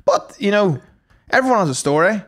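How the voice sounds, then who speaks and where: Brief: Northern Irish podcast co-host, fairly high voice, lively storyteller. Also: male voice, fairly quick. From Northern Ireland. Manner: lively, swearing, acts out quotes. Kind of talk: casual storytelling chat.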